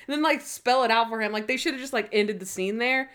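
Animated woman chatting about a TV episode. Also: on the high side, quick pace, few pauses, smooth. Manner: animated, acts out characters' lines in quotes, laughs often. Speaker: podcast co-host. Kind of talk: casual chat reviewing a TV episode.

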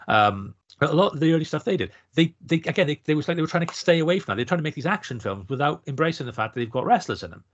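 A man's voice: a little high, lively intonation, very fast, few pauses, dull audio. A man co-hosting a casual film review podcast, blunt and sweary, rambling with restarts. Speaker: podcast co-host.

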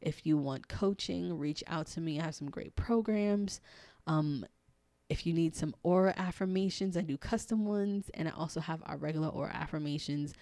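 A woman with a raspy, hoarse voice, hosting a casual solo podcast in a chatty, encouraging way. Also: deep voice, normal speed, mellow, dry recording. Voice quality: raspy, losing her voice. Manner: chatty, encouraging, many ums and you-knows. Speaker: podcast host and life coach.

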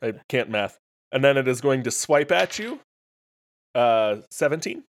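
A man's voice: medium pitch, expressive. A man runs a tabletop game as its game master. He talks casually and often trips over a word before he settles on it. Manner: halting, casual, self-correcting.

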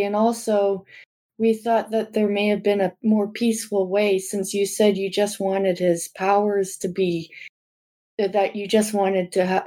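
A woman playing a tabletop game, explaining her character's plan haltingly. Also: mid-range voice, dark tone. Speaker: player. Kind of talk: casual tabletop chat.

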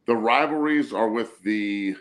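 A man in his forties with a somewhat low voice tells long, profane stories in a relaxed way, chuckling as he goes. He co-hosts a casual sports talk show. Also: measured pace. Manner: laid-back, profane, laughs through stories. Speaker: co-host, former college athlete. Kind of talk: casual storytelling chat.

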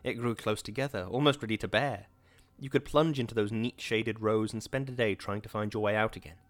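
A man narrating an audiobook in a measured, dramatic reading. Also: on the low side, fairly even intonation. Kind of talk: scripted narration.

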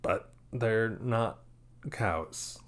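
A man co-hosting a casual movie review podcast, retelling scenes in an animated way. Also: lowish voice, extremely slow. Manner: animated, acts out scenes in exaggerated voices. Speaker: podcast co-host.

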